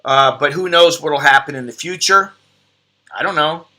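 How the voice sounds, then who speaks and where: A man's voice: fairly high pitch, normal speed, bright, forceful tone. A middle-aged American man hosting a casual live stream from his computer, rambling and joking at himself. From United States. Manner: rambling, self-deprecating, joking. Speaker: host.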